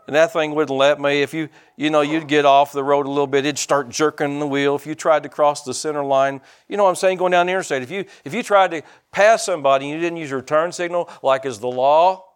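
A man's voice: fairly high pitch, steady tone, quick pace, hardly any pauses, smooth. An older man, a pastor preaching a folksy, joking sermon and calling out to his congregation.

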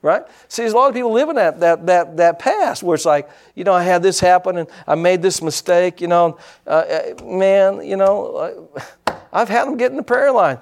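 Male pastor, middle-aged, folksy and blunt, a touch high with a gravelly edge. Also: moderate pace. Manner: folksy, blunt preaching with quoted asides. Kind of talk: sermon.

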